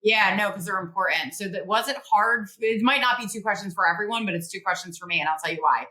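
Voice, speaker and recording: A middle-aged woman, a guest author, telling stories in an animated interview, acting out quotes and laughing often. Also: mid-range voice, quick pace, low-quality recording. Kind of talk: podcast interview, storytelling.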